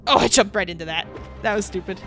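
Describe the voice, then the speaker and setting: A young adult woman streamer talking through a video game, expressive, laughing and yelling at the game. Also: mid-range voice, fast talker. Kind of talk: gaming commentary. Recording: game music behind the voice.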